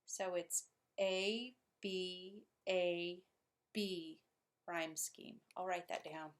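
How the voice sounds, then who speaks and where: A woman's voice: fairly low pitch, level tone, very slow, a little hiss or hum. A middle-aged woman teacher giving a poetry lesson, explaining patiently with little chuckles.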